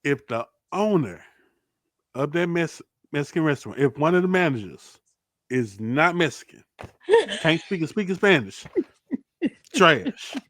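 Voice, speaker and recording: A man's voice: a little high, expressive, measured pace, pauses often, fairly bright tone, no room sound. Man hosting a podcast, joking, dry. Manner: playful, ranking things with mock-serious verdicts. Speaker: podcast host. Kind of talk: casual chat.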